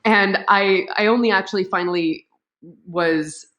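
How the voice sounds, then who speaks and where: A woman's voice: medium pitch, measured pace, fairly bright tone, reverberant, dull audio. Chatty Canadian woman, laughs easily. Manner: chatty, laughs easily, acts out her own lines. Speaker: guest. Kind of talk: casual interview chat.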